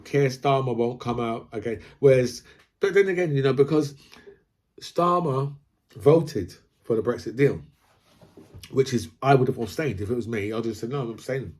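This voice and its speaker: Guy ranting about politics, rambly, keeps saying right?, pretty average pitch. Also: a little mellow. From Britain. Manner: rambling, repeats himself, keeps asking "right?". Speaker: political commentator. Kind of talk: casual political rant.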